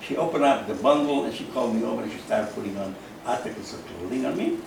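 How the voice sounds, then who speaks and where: An elderly man speaks slowly and haltingly, stopping for fillers and repeating words. His voice is gravelly with a creaky edge. He sounds set back from the mic, in a strongly echoing room with a faint hiss underneath. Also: mid-range voice, lively intonation. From Carpatho-Ruthenia, Eastern Europe. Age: 90s. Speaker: interview guest, Holocaust survivor. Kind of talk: personal testimony in an interview. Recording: echoey room, mic at a distance.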